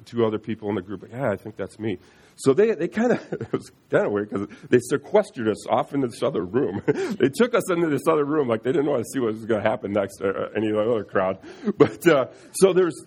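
A middle-aged man sharing a personal faith testimony in an earnest, halting way, often restarting and repeating words. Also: mid-range voice, a little mellow.

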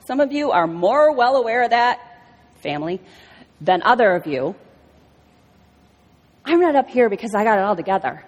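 A middle-aged woman tells a personal story from the pulpit, lively and acting out what people said. Her voice sits at an ordinary pitch for a woman. The long reverb of a large church hall trails behind every phrase. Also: moderate pace, long pauses, breathy edge. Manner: animated storytelling, acts out quotes. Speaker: speaker at a church service. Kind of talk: personal testimony sermon.

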